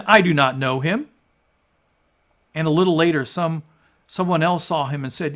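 A male pastor giving a sermon and reading scripture, emphatic and rising to loud peaks on quoted lines. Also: a little high, moderate pace. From United States.

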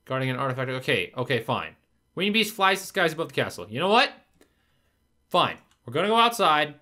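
A man's voice: a little high, very animated, brisk, pushed and bright. A man narrating his own gameplay, frustrated and swearing as he talks to himself. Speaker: gaming video creator. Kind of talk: gameplay commentary.

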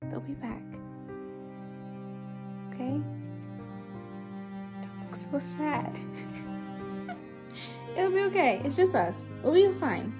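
A woman's voice: high voice, very animated, takes it slowly, long pauses, music in the background. A woman talking soothingly to a dog in a phone video that is played back. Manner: soothing, coaxing.

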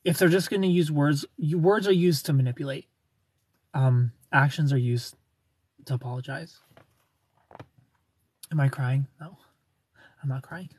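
Male streamer, slightly high, husky voice, tired, loose chatty delivery, dry sound. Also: a little mellow, no echo. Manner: rambling, reads and answers chat, thanks followers. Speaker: live streamer. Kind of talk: casual live-stream chat. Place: airport terminal.

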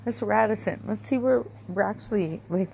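A woman's voice: mid-range voice, normal speed, gravelly, background noise. A woman telling a rambling, emotional personal story in a casual home vlog, often adding "right?" and "like". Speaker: vlogger.

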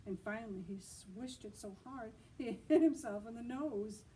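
A woman librarian reads a picture book aloud at an outdoor children's storytime, gently pausing to ask her listeners questions. Her voice is mellow and dark in tone. She sounds a little distant from the microphone, with faint noise behind her. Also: fairly high pitch.

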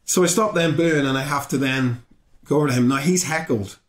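A man's voice: fairly high pitch, fairly quick. Man, roomy echo. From Belfast, Northern Ireland. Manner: animated retelling, acting out both sides of the exchange; casual with frequent swearing. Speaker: guest comedian. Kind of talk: conversational storytelling in a podcast interview.

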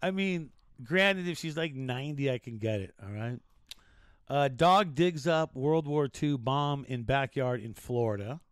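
A man's voice: mid-range voice, a little slow, clean tone, no room sound, studio quality. A man hosting a casual show, joking and rambling through odd news stories with restarts. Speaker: show host.

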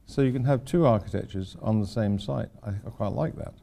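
A man's voice: lowish voice, brisk, gravelly, warm tone. An older man giving an informal architecture lecture to students, rambling with wry, self-deprecating asides. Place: lecture hall at a university.

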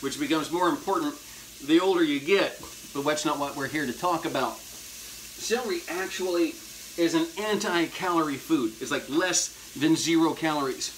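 Male cooking-show host, slightly high voice, casual jokey patter, loud frying behind. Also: a little hiss or hum. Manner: folksy, jokey, hip slang. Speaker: horror movie host doing a cooking segment. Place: home kitchen at the stove. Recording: loud sizzling and frying in the background.

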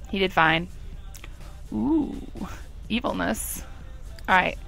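Young woman, gravelly tone, chatty let's play commentator who talks to her characters and giggles a lot. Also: medium pitch, moderate pace, pauses often, fairly bright tone, soft background music. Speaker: gameplay commentator.

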